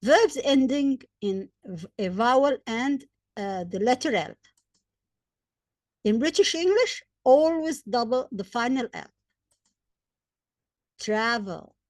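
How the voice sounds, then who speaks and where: A woman, likely a native Arabic speaker, teaching English grammar step by step, spelling out letters, repeating examples and pausing with fillers. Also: a little high, lively intonation, darkish tone, dry recording, clean studio sound. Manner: hesitant fillers between points. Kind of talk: slow, deliberate grammar lesson.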